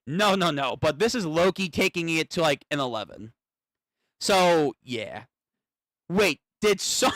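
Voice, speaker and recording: A man streaming a live manga reaction, thinking aloud, swearing and getting excited as he reads. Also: fairly high pitch, takes it slowly, pauses often, no echo, studio quality.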